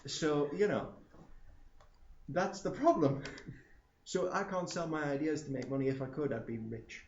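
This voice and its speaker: A man co-hosting a casual gaming podcast, animated and swearing freely. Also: a little high, unhurried. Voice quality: animated, swears freely, acts out silly voices. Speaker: podcast co-host. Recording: echoey room, dull lo-fi sound, faint hiss.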